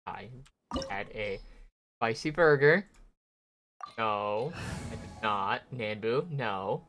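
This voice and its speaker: A man's voice: fairly low pitch, slow pace, long pauses, a bit bright, a little hiss or hum. A man chatting casually on a live stream while he plays, rambling and swearing as he grumbles at the game.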